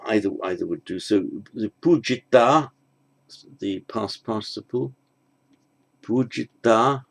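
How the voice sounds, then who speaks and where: A man with a low, gravelly voice explains grammar step by step. He speaks slowly and deliberately, pausing to think aloud as he works through each exercise. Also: darkish tone. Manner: slow, methodical, thinking aloud with pauses. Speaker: language teacher. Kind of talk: spoken grammar lesson.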